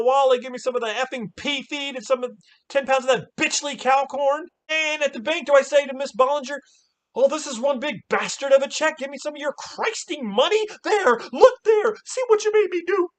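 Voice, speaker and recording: A man voicing an unhinged middle-aged woman nurse who is an obsessive fan, in a shrill, ranting, screeching voice while recapping a movie. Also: very animated, very slow, fairly bright tone, heavily acted. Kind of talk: movie recap with acted quotes.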